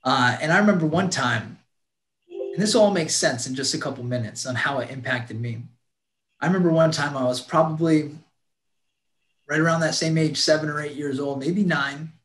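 A man's voice: fairly high pitch, normal speed, a bit bright. A man guest earnestly telling a heartfelt personal story, often restarting his sentences. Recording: roomy echo.

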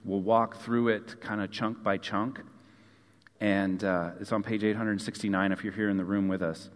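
A man preaching a sermon as a pastor, earnest, repeating key phrases and letting line endings fall soft. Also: on the low side, fairly even intonation, moderate pace. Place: church sanctuary. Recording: long hall reverb.

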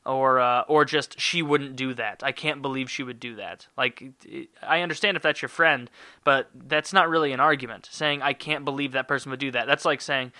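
A man delivering a rambling, sarcastic solo podcast rant full of swearing. His voice is very bright and sharp-edged, and the sound is dry and close. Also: medium pitch, normal speed, no room sound. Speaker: podcast host.

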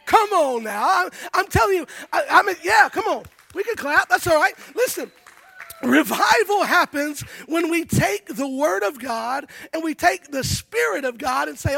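A man delivers an excited sermon in a very high, bright voice with a gravelly edge. He stammers through restarts and breaks into shouts, recorded close and dry. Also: moderate pace, no echo. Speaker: guest preacher. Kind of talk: energetic sermon.

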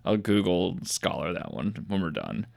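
A man co-hosting a casual podcast chat, recapping a movie with teasing jokes and deadpan asides. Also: low-pitched, normal speed, gravelly. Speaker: podcast co-host.

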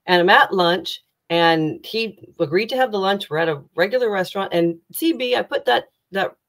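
A middle-aged woman, a career coach and former reporter, telling her story candidly in an interview, animated and often restarting her sentences. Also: moderate pace. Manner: animated, with sharp rises in pitch when retelling tense moments; frequent restarts and self-corrections.

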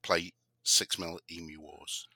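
A man's voice: deep voice, little pitch movement, slow pace, pushed and bright, no room sound. A man co-hosting a podcast in casual banter, joking and laughing often. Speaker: podcast co-host.

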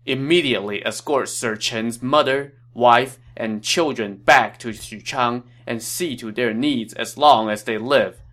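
A man's voice: medium pitch, unhurried, hardly any pauses, fairly bright tone, close to an everyday voice. A man reading Cao Cao, wry commanding warlord. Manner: mild quoted dialogue in storytelling tone.

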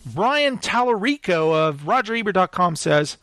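A man hosting a casual movie chat, playful and quick to giggle as he reads out reviews. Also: high-pitched, sing-song, a bit bright, dry recording. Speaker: podcast host.

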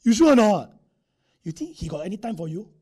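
A man's voice: high voice, very animated, fairly quick, dark tone, husky, full character voice. A man doing a sly taunting devil. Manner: needling, mocking local slang.

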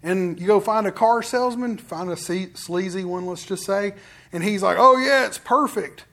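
A man's voice: high voice, fairly even intonation, normal speed. A man preaching a sermon in a conversational storytelling way, acting out what other people say. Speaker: pastor.

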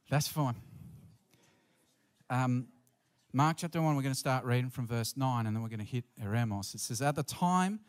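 A man's voice: mid-range voice, darkish tone. A middle-aged man preaching a sermon to his congregation, conversational and playful with asides. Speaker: pastor.

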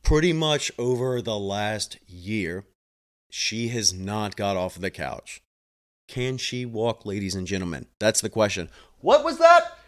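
A man working in home health care telling a work story in a blunt, animated way and acting out the dialogue. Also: on the low side, measured pace. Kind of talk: casual storytelling monologue.

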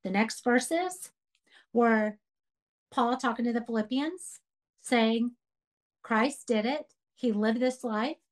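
A woman's voice: on the high side, takes it slowly, pauses often, rough recording. A woman leading a Bible study for a women's group, earnest and emphatic, repeating key phrases as she teaches. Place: church radio program.

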